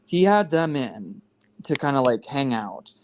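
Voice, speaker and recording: A man's voice: mid-range voice, sing-song, unhurried, slight background noise. A man in his twenties on a casual live stream, talking earnestly and rambling with many restarts, heard over a video call. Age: 20s.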